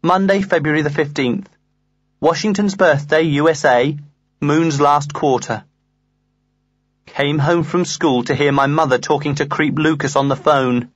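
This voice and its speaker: A man reading a comic diary aloud in the first person, earnest and lively. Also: a little high, a little slow, no room sound, lo-fi sound. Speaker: audiobook reader.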